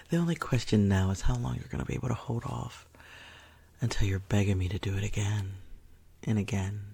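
A woman's voice: rumbling low, moderate pace, gravelly, long pauses, dark tone, breathy edge, heavily acted. A woman voicing a confident, possessive young woman in a whispered role-play, teasing and commanding, often dropping into whispers. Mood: smug.

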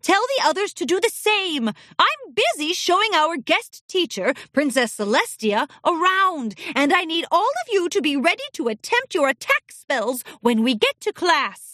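A woman's voice: extremely high pitch, sing-song, moderate pace, hardly any pauses, sharp tone, dry recording, clean studio sound, pitched above the performer's own voice, full character voice. A woman voicing a strict, stern female unicorn headmistress in a storybook reading, speaking in a clipped, tight-jawed manner.

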